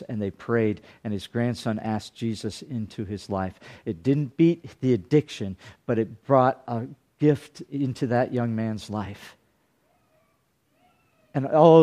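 A man's voice: mid-range voice, a little mellow. A man preaching a sermon as a pastor, earnest and fond of repeating his phrases.

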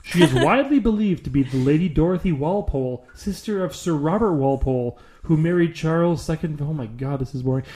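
A man's voice: a little high, fairly quick, hardly any pauses, darkish tone. A young man co-hosting a podcast, reading a list aloud in a casual way with sarcastic, bored asides. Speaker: podcast co-host.

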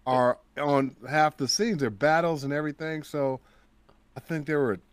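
The guest, a man who works as a voice actor, keeps the interview casual, telling animated stories and acting out the voices of people in them. His voice is on the high side and clean in tone, at a moderate pace, with no room sound.

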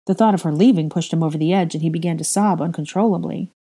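A woman with a low, soft, mellow voice narrates a heavy story. She reads the plain passages evenly and jumps up in pitch and volume when characters shout. Her tone stays warm and unhurried between the outbursts. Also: breathy edge. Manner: emotional, raises voice sharply for dialogue. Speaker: fan fiction reader.

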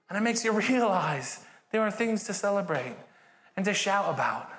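A British man preaching a sermon in a church, with an animated, jokey and encouraging manner. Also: high-pitched, fairly quick. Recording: echoey church hall.

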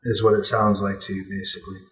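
A man narrating as game master, relaxed and halting with fillers. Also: lowish voice, low-quality recording.

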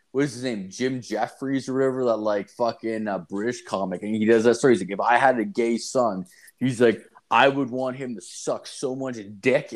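A man in his thirties telling rambling, profane stories in casual chat, full of fillers. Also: medium pitch. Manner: profane, rambling, animated storytelling with heavy filler. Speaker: storyteller.

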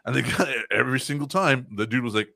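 A man's voice: medium pitch, expressive, quick pace, creaky, sharp tone, no echo, clean studio sound. A man telling stories in a casual comedy chat, swearing often and laughing a lot.

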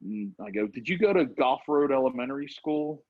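Middle-aged male storyteller, husky, rambling and animated, muffled lo-fi audio. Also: mid-range voice, a little fast. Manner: rambling, animated, acts out quotes. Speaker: storyteller guest. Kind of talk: casual storytelling. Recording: dull lo-fi sound.

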